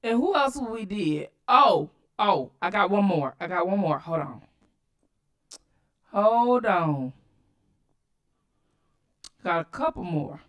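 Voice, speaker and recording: A woman hosting her own channel, giving loud, cussing commentary on video clips and talking straight to her viewers. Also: mid-range voice, slow pace, long pauses. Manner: animated, cussing, addresses viewers directly. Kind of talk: casual commentary while watching clips.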